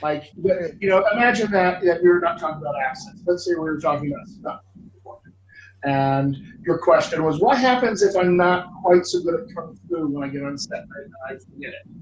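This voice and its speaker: A man with a slightly high voice hosts a live dialect-coaching Q&A, chatty and joking as he hands out advice. His sound is distant and roomy, picked up from across the room. The audio is dull and lo-fi, with a faint hiss underneath. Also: lively intonation, normal speed. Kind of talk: casual livestream advice.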